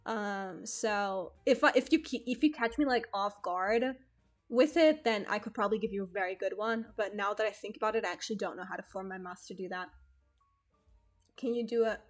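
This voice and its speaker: A woman's voice: medium pitch, brisk, faint music behind. A young woman streaming from home, chatting casually, laughing often and swearing freely. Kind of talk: casual chat.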